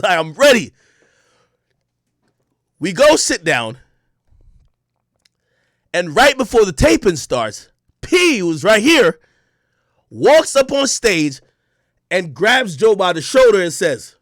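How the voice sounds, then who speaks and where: A man streaming, telling a story in an excitable, profane way, shouting as he reenacts moments. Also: high-pitched, a little slow, pauses often, no room sound, studio quality.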